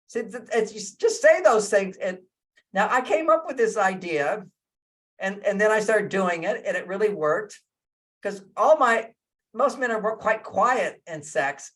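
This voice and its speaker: A man's voice: high-pitched, lively intonation, measured pace, a bit bright. A man speaking as a guest relationship speaker over a video call, emphatic, repeating his key phrases and acting out what partners might say.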